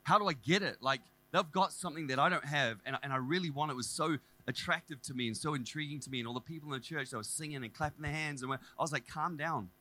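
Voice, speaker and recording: A man, preaching and telling his own conversion story in a casual, animated, self-deprecating way. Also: fairly high pitch, quick pace, few pauses. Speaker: preacher sharing testimony. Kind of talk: sermon testimony. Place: church service.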